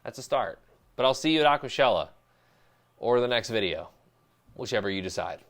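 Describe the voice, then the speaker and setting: A man's voice: mid-range voice, lively intonation, brisk, fairly bright tone. An upbeat male host wraps up his video while talking directly to the camera. He speaks in a mid-range, chatty voice. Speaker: channel host. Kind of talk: direct-to-camera vlog outro.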